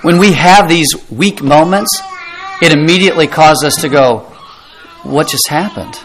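A middle-aged pastor delivers a sermon with a slightly high-pitched man's voice. He preaches earnestly, leaning on rhetorical questions and sinking into quieter, weighty passages for emphasis. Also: normal speed, slight background noise, rough recording.

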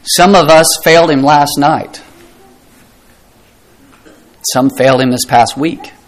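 A man's voice: a little high, normal speed, rough recording. A middle-aged man preaching a sermon, earnest and emphatic, asking rhetorical questions and dropping his voice for effect. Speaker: pastor.

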